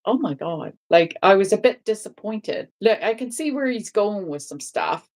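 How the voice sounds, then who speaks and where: A woman's voice: mid-range voice, expressive, normal speed, a little mellow. A woman, a guest on a casual live-stream chat, talking in a rambling way with many restarts and tag questions. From England. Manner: rambling, restarts often, asks "right?".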